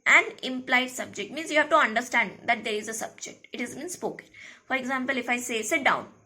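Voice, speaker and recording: A woman teaches a school grammar lesson in a high, bright voice. She says each key phrase twice, slowly, and keeps checking with the class. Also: animated.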